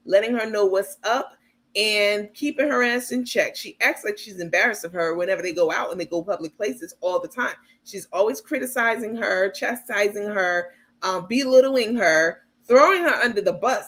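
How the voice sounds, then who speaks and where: A woman with a mid-pitched voice hosts her own livestream and comments casually on people she follows. She is blunt and outspoken and drops in a curse now and then. She often turns to her viewers to speak to them directly. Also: expressive, normal speed. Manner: addresses viewers as "baby" and "you guys". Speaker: livestream host.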